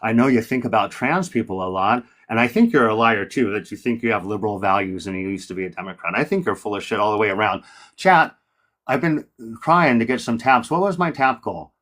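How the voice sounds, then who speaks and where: A man's voice: on the low side, expressive, brisk, a bit bright. A man hosting a live-stream debate, combative and profane, talking over his guest.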